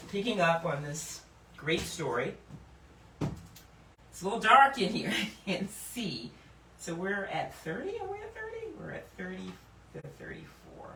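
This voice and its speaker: A woman hosting a casual Bible lesson, laughing often and slowing down to read scripture with emphasis. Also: fairly low pitch, fairly bright tone. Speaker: Bible teacher and host. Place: indoor room. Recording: echoey room, mic at a distance, faint background noise.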